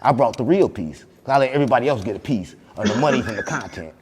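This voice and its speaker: A man hosting a podcast, boasting in animated banter and repeating catchphrases, loud one moment and soft the next. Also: medium pitch, fast talker, in a large hall, slight background noise. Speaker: podcast host.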